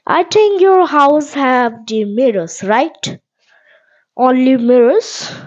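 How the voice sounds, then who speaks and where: A woman hosting a spoken English lesson podcast, talking in halting, repetitive simple phrases and checking in with "okay?". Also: high-pitched, lively intonation, darkish tone, highs cut off. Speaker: podcast host and English teacher.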